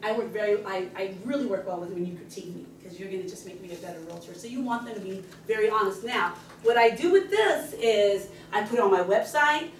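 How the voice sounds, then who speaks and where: A middle-aged woman, a real estate agent, giving a fast and excited training talk to her team at a meeting. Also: mid-range voice, a little hiss or hum. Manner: fast, excited, loud when passionate. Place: meeting room. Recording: echoey room, speaker far from the camera mic.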